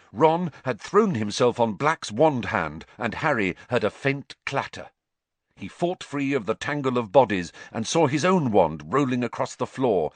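A man reading a story aloud as narrator, measured and expressive. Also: medium pitch, dry recording. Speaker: audiobook narrator. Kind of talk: scripted narration.

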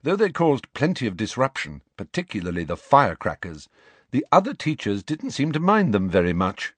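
A man's voice: medium pitch, normal speed, no room sound. A man narrating a storybook audiobook expressively and voicing every character himself. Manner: expressive, plays all characters.

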